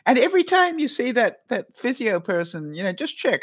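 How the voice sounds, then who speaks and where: A woman's voice: on the high side, very animated, fairly quick, few pauses, breathy edge. A woman hosting a casual live stream, chatting with viewers, laughing often and acting out other people's lines. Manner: laughs often while telling a story; greets viewers in the live chat.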